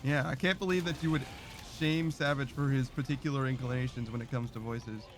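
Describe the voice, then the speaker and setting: A man from the United States chatting casually while playing a game, slightly raspy, laughing often and restarting his sentences. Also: medium pitch, fairly even intonation, fairly quick. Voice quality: raspy in the morning. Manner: giggly, talks in restarts. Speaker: gaming video host.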